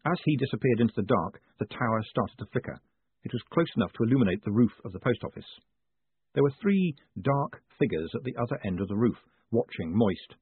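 A man narrating an audiobook in a lively, expressive storytelling manner, through a tinny, phone-like recording. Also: mid-range voice, fairly quick, slightly rough, no room sound. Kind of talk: scripted narration.

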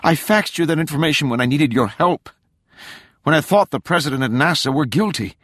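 A man's voice: mid-range voice, big pitch swings, moderate pace, fairly bright tone, slightly rough, no room sound, studio quality, voice pushed up. A man voicing a defiant young woman. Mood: angry, pleading. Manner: urgent, accusing, raised voice.

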